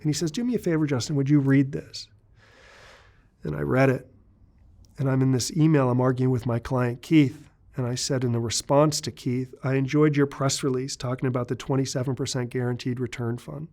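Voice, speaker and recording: A man's voice: medium pitch, little pitch movement, fairly quick, darkish tone. Earnest man telling his own story. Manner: earnest, confessional, occasional restarts. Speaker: interview guest. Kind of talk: candid storytelling interview.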